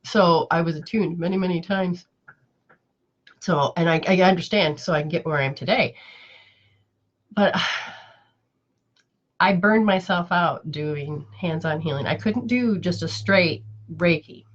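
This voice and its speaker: Lady spiritual teacher chatting live, lowish voice, rambly and emotional, kinda muffled lo-fi sound. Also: unhurried, pauses often. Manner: rambling, emotional storytelling with many restarts. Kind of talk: casual live chat.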